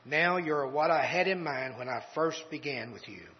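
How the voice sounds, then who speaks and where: A man voicing a patient, gentle master potter who explains himself quietly and calmly in a told story, on a dull recording in a reverberant hall. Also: on the high side, natural voice. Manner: quiet, calm, measured.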